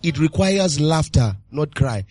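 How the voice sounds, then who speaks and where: Exuberant pastor preaching. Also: male voice, a little high, expressive, measured pace, no echo. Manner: exuberant preaching, repeated calls, sudden shouts. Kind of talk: sermon.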